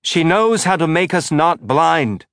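A man's voice: mid-range voice, fairly quick, no echo, studio quality, lightly acted. A man doing a blunt, sardonic colleague.

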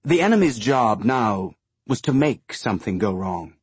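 A man narrating a science-fiction audiobook in a measured, even storytelling manner. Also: lowish voice, slightly rough, no room sound.

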